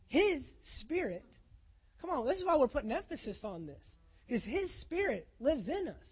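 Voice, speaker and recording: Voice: high voice, sing-song, normal speed. Emphatic preacher, muffled sound. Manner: emphatic, swings from loud to hushed, rhetorical questions; casual folksy phrasing. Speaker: pastor. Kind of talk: sermon.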